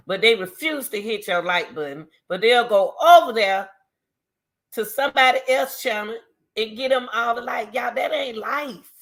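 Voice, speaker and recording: A middle-aged woman talking straight to her viewers in casual commentary, reading scripture between emphatic, repeated remarks in a loud, teacherly way. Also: medium pitch, normal speed. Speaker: YouTuber.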